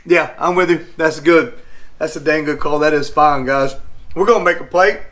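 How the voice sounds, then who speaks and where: A man's voice: a little high, normal speed, a bit bright. A middle-aged man, hosting a cooking vlog in a home kitchen and talking straight to viewers in a folksy, upbeat way. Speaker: fishing channel host. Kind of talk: casual cooking vlog talk.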